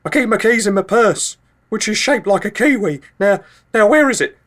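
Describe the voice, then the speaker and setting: A man's voice: sits high, expressive, moderate pace, fairly bright tone, pitched above the performer's own voice. A man voicing a confused, rambling older lady who stammers and forgets where she is.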